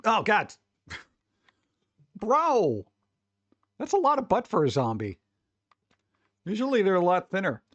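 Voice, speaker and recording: A man's voice: high-pitched, sing-song, measured pace, long pauses, a bit bright, no echo, dull audio. A man hosting a stream, chatting casually in a rambling way, with some swearing and chuckles. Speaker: streamer host. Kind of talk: casual chat.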